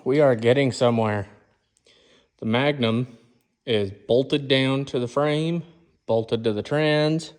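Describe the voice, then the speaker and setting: A man's voice: medium pitch, slow pace, pauses often, a little mellow. A man in his garage, casually explaining each step of his truck build in plain shop talk. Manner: walks through each step plainly, calls the engine "she". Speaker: mechanic filming his own truck build. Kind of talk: casual how-to vlog.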